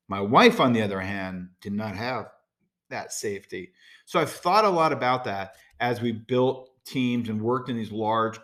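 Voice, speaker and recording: A man's voice: medium pitch, a bit bright. A middle-aged American man hosting a solo podcast, talking in a conversational, direct way with frequent fillers and asides. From United States. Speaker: podcast host. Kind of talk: casual solo podcast talk.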